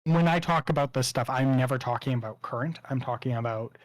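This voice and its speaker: A man's voice: mid-range voice, brisk, no room sound. A Canadian man chatting casually about streaming platforms, laughing often and stammering on repeated words. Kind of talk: casual chat.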